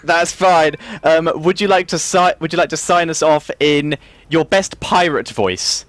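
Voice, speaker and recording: A man's voice: a little high, measured pace, no room sound. A man hosting the show, amused and congratulatory as he wraps things up. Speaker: show host. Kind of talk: hosting sign-off.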